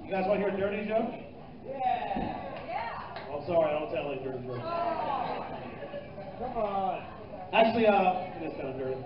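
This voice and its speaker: High-ish guy doing standup, crude and teasing, muffled noisy club tape. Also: expressive, normal speed, pauses often. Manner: loose, profane, teasing the crowd. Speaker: stand-up comedian. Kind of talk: stand-up set with crowd work. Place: live comedy club, audience present. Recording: echoey, distant, muffled club recording with noise.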